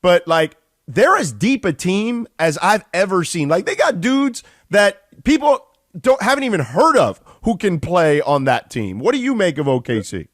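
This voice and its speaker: A man hosting a radio show, chatty and quick to laugh as he asks questions. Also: high voice, very animated, no echo, studio quality. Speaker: radio host. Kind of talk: casual radio interview.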